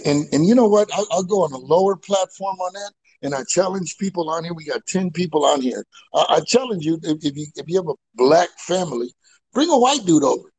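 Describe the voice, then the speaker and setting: A man hosting a casual comedy podcast chat, telling animated stories and laughing often. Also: fairly high pitch, a little fast, husky, poor audio. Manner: animated storyteller, laughs a lot. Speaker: podcast host.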